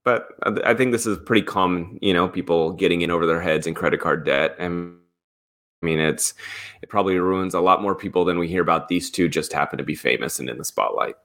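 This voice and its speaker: A man co-hosting a celebrity gossip podcast, relaxed as he recaps news stories with fillers. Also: sits low, fairly quick, vocal fry. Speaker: podcast co-host. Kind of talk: casual celebrity news rundown.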